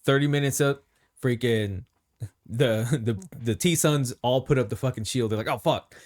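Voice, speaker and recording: A man's voice: medium pitch, moderate pace, a little mellow. A man co-hosting a casual podcast, retelling game lore with lots of swearing and laughter. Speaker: podcast co-host.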